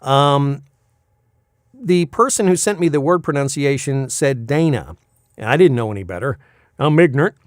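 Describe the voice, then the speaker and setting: A man's voice: mid-range voice, expressive, moderate pace, pauses often, no echo, clean studio sound. A male voice actor chatting casually in a vlog, rambling and self-deprecating as he tells stories from his work.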